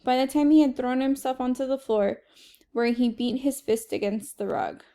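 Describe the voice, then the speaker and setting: A woman reading a children's chapter book aloud in steady first-person narration. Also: high voice, moderate pace. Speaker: reader.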